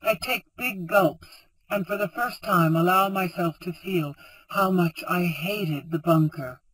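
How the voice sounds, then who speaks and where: Brief: male audiobook narrator, high light voice, steady first-person reading. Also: measured pace, no echo, rough recording.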